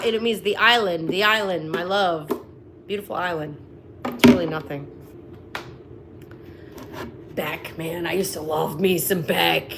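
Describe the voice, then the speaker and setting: Speaking unhurriedly with frequent pauses, a woman with a fairly low, gravelly voice and steady tone chats on a live stream amid ukulele strumming and background noise. Her rambling, self-mocking talk between sung snippets is broken up by laughing asides.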